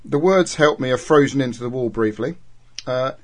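A man's voice: medium pitch, normal speed. A man hosting a podcast, casually recapping an episode from his notes. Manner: recaps plot points from notes, chatty. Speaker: podcast host.

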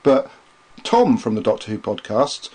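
A man rambles through a casual podcast chat, opinionated and full of restarts. His pitch swings widely and lively as he talks. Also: a little slow, breathy edge. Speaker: podcast co-host.

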